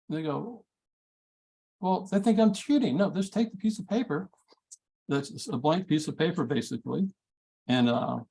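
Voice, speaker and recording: Gravelly husky guy giving a teaching workshop, folksy, acts out chats with students, kinda high voice. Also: a little mellow. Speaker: math study skills workshop presenter. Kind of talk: conference workshop talk.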